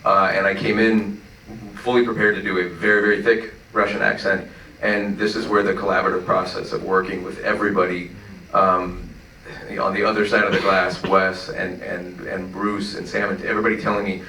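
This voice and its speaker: A man on a film panel giving a relaxed, joking, rambling answer. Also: sits low, a little fast, a little hiss or hum. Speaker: voice actor on a panel. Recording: echoey hall, distant mic.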